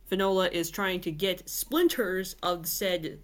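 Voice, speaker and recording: A woman's voice: lowish voice, unhurried. A woman podcast host reading a novel aloud, with chatty asides and filler words. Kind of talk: casual storybook reading.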